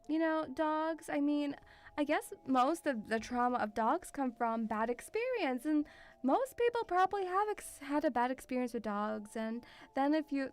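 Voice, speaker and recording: Giggly high-voiced streamer woman, affectionate. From Russia. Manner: affectionate, calls the viewer sweetie, giggly. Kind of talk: casual stream chat reading viewer messages.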